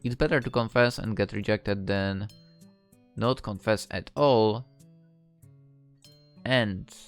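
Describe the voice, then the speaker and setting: A tired, yawning man reading a visual novel aloud, breaking off into relaxed, mumbled casual asides. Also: lowish voice, slow pace, soft background music.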